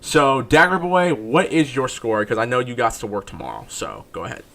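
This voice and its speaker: A man hosting a casual movie review chat, animated and insistent, often repeating himself. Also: mid-range voice, moderate pace, gravelly. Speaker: movie review podcast host.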